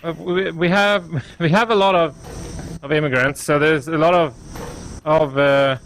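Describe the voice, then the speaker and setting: A man chats casually while playing a game, his voice sitting a little higher than most men's. He speaks softly and hesitantly and often restarts his sentences. A faint hiss runs behind him. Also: steady tone, unhurried. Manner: hesitant, soft-spoken with restarts. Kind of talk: casual chat while gaming.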